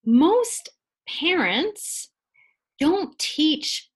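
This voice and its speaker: A woman in her forties, whose voice sits high and who draws out her words, is a guest in a conversational interview. She laughs a lot while explaining ideas with playful energy.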